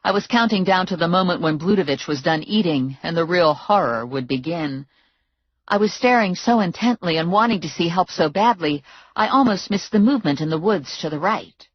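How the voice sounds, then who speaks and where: A woman with a low voice reads a first-person audiobook in a brisk, wry manner. The sound is close and dry. The recording is slightly muffled. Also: lively intonation, husky, no room sound. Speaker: audiobook narrator.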